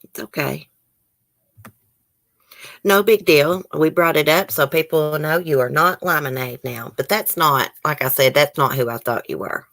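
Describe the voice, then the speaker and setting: A woman talks casually to her live-stream audience, reading comments aloud as she goes. Her voice sits low for a woman. She keeps an easygoing, chatty manner. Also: measured pace, creaky, fairly bright tone. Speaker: YouTube host.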